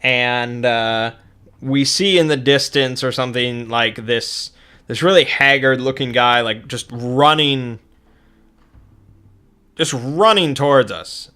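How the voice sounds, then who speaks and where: A man's voice: medium pitch, slow pace, sharp tone, clean tone. A young man recounting a tabletop game session in a rambling way, with many fillers and restarts.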